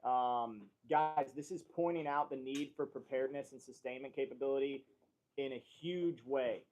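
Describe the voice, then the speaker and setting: A man's voice: mid-range voice, moderate pace, a little mellow, a little hiss or hum. A man hosting a casual livestream from a company studio, loose and joking at first, then earnest as he talks about preparedness. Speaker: livestream host.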